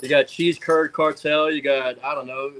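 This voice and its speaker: A man's voice: fairly high pitch, normal speed, slight background noise. A man telling a funny story on a casual talk show, acting out what people said. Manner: animated, laughing storyteller acting out quotes.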